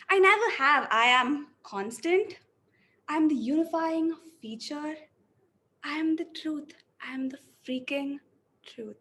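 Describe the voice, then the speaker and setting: A woman's voice: high-pitched, a bit bright. A woman playing haughty living force. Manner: haughty, declaiming monologue. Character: unyielding personified force of life and truth, female.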